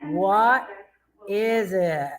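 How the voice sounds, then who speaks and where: Speaking extremely slowly at a medium pitch, this woman leads a kids' story time. A youth librarian from Michigan, she uses a sing-song delivery, poses questions to her young audience, and imitates animals.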